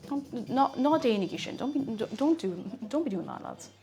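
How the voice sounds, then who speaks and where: Chatty woman with lively pitch. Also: fast talker, hardly any pauses. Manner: chatty, rambling, exclaims often. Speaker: streamer. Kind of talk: casual chat while cooking on stream. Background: faint music.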